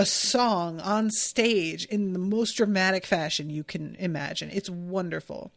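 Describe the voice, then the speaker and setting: A woman's voice: medium pitch, a bit bright. A woman hosting a podcast and casually recapping an episode, gushing and swearing freely. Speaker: podcast host.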